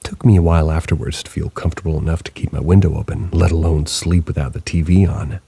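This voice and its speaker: A man narrating submitted true ghost stories in a slow, hushed late-night storytelling manner. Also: steady tone. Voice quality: very deep gravelly voice. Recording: rain sounds behind the voice.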